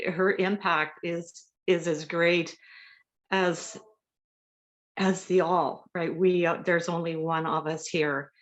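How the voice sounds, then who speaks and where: A woman's voice: low voice, highs cut off. A woman sharing in a spiritual group, nervous and effusive, searching for words. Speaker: community member sharing.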